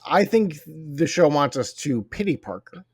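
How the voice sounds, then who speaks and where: A man's voice: on the high side, expressive, unhurried, slightly rough, no room sound, clean studio sound. A man co-hosting a podcast, reviewing a TV show in casual chat, often restarting his sentences. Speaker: podcast co-host.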